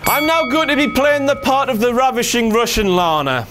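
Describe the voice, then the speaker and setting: A man's voice: very high voice, sing-song, moderate pace, music in the background. A man who hosts a comedic wrestling review, ranting with heavy swearing and sarcasm.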